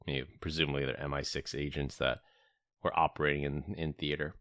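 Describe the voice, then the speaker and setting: A man co-hosting a casual tech-security podcast who explains things in a measured way. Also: a bass voice, level tone, fairly bright tone, no echo, studio quality. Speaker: podcast co-host.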